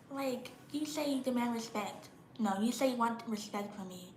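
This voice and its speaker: Her voice is on the high side, moving at normal speed with few pauses. She's a young woman doing a casual vlog monologue, slangy and blunt, a little shivery from the cold, and she breaks into mocking imitations of her parents; the poor recording is roomy with slight hiss or hum.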